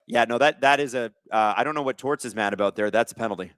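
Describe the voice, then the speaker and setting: A man's voice: medium pitch, animated, fast talker, hardly any pauses, pushed and bright, no room sound. A man hosting a live hockey watch-along, chatting with viewers and calling the plays. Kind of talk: casual live-stream hockey commentary.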